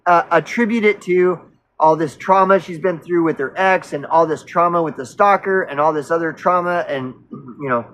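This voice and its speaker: Man, casual monologue, rambling, blunt, outspoken, slightly higher voice. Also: fairly bright tone, slight background noise, poor audio. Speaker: storyteller recounting a past relationship.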